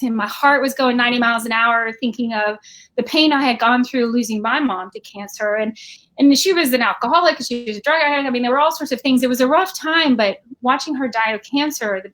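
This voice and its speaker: A woman guest telling a lively personal story on a video call, acting out quoted voices. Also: on the high side, fairly quick. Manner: animated, acts out quoted voices. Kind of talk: storytelling in casual chat.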